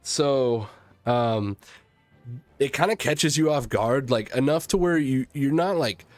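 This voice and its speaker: A man running a tabletop game as game master, describing the action in a halting way with many ums and restarts. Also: medium pitch, dry recording, soft background music.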